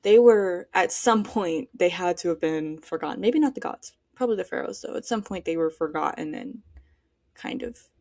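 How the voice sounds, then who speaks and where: A woman's voice: on the low side, moderate pace, gravelly, darkish tone, dry recording, studio quality. A teenage girl hosting a solo podcast, chatting casually and giving her opinions while she thinks aloud with lots of fillers. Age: teens. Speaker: podcast host.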